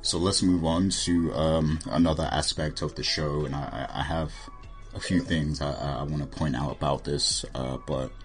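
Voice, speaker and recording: Super deep voiced guy recapping a show, lots of um and like. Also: fairly even intonation, normal speed, faint music behind. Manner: loose, filler-heavy, asks co-hosts questions. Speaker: podcast co-host. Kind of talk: casual TV recap chat.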